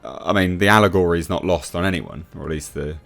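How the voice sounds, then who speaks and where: A man with a very low voice runs a scoffing commentary vlog, breaking off often with filler sounds. Soft music plays faintly underneath. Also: quick pace, creaky. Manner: mocking, scoffing, frequent uh fillers. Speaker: YouTube commentator.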